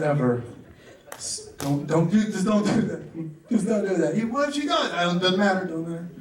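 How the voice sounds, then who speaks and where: Guy emceeing at a comedy club, kinda high voice, rambly and self-mocking, roomy sound from back in the room. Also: far from the mic. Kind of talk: stand-up hosting and crowd work.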